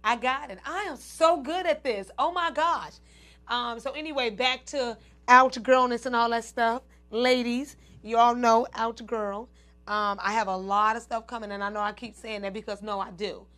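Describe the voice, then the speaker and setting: A woman's voice: a little high, fairly even intonation, moderate pace, fairly bright tone. A woman hosting her own show, chatting casually to her viewers, addressing them as "y'all" and "ladies" and laughing often. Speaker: show host.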